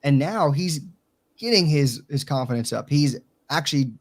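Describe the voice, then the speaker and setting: A man's voice: on the high side, animated, moderate pace. A man with a country accent co-hosting a casual sports talk show, blunt and swearing freely as he tells stories. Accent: Southern US country. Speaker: co-host.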